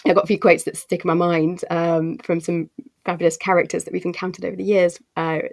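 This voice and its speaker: A woman's voice: fairly low pitch, flat delivery, a little fast. A woman executive giving expansive, articulate interview answers with frequent fillers and restarts. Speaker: company co-CEO guest.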